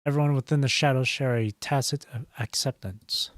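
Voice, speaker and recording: A man streaming, reading a game's story aloud in a steady narration with small slips and restarts. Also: mid-range voice, normal speed, dry recording, studio quality.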